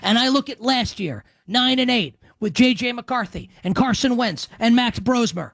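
A man's voice: extremely high pitch, expressive, moderate pace, few pauses, fairly bright tone, no room sound. A man hosting a sports radio show, making emphatic predictions with crude joking asides. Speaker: sports talk host.

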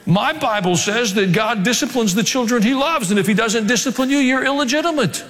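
A man's voice: extremely high pitch, fairly quick, fairly bright tone. A male pastor preaching a sermon, swinging between joking asides and emphatic exhortation. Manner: humorous asides, emphatic rising delivery. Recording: long hall reverb.

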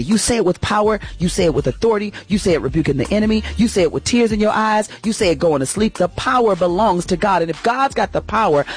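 Woman gospel radio host, preaching. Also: on the low side. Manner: preachy, repetitive declarations, addresses listeners as y'all. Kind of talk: gospel radio devotional talk.

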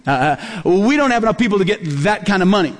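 A man's voice: high voice, very animated, quick pace, long reverb tail. A male pastor preaching a sermon, telling stories and acting out the dialogue in them. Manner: storytelling, acts out quoted dialogue.

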